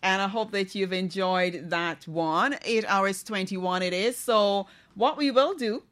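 Bright radio host. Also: female voice, medium pitch, unhurried. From Guyana. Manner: chatty, asks the listeners questions. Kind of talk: morning radio chat.

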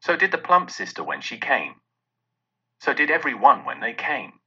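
A man reading a classic story aloud as narrator, in an expressive, animated manner. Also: on the high side, normal speed, husky. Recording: dull lo-fi recording.

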